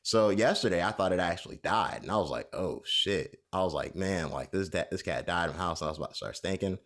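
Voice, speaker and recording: A man's voice: low voice, expressive, quick pace, a bit bright. A man co-hosting a podcast, telling a long story in a casual, rambling way with lots of fillers. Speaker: podcast co-host.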